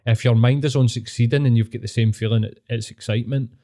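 A Scottish man co-hosts a podcast in a mid-range, dark voice, speaking at a quick pace with a steady tone. He chats casually, swears, reflects, and calls his friend "mate."

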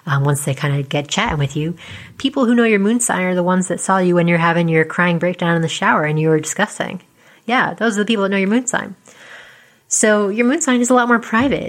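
Speaking quietly as her voice begins to give out, a woman astrologer chats through a casual explanation in a voice on the low side. She leans on lots of fillers and tag questions.

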